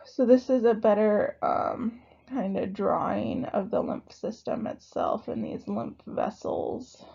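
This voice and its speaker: Hoarse woman giving a gravelly lecture. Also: medium pitch, fairly even intonation, slow, mellow. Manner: casual, conversational explaining. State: hoarse, losing her voice. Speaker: instructor. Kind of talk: recorded lecture. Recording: dull lo-fi recording.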